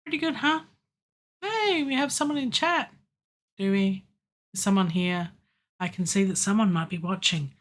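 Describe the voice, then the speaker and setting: A woman's voice: medium pitch, expressive, moderate pace, pauses often. A woman livestreaming from her home studio, chatting playfully to herself and to viewers as she works on a song. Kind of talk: casual live-stream self-talk while producing music.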